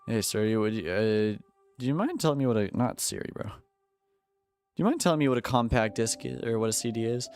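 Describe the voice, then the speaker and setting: A man with a medium-pitched, darkish voice talks a little fast with lively intonation during a gaming stream. Faint music plays while he kids around with viewers in slangy chatter.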